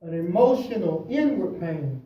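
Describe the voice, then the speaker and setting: A man, a pastor, preaching at a Bible study, swinging between loud emphasis and quiet asides, often adding "praise the Lord" and "hallelujah". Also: high-pitched, very animated, measured pace, muffled recording. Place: church. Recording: echoey church from a distant mic.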